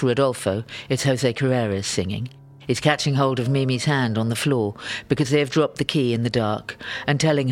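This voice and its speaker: A man reading a memoir aloud in a wry, animated storytelling manner. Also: mid-range voice. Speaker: narrator.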